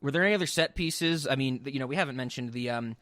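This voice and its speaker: A man's voice: mid-range voice, fast talker, no room sound. A man co-hosting a film podcast, chatting casually with fillers and chuckles. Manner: relaxed, chuckling, lots of fillers. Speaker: podcast co-host. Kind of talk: casual film review chat.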